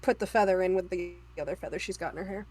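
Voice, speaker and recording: A woman player in a live-streamed tabletop game, explaining things in an unhurried way. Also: lowish voice, darkish tone, breathy edge, poor audio.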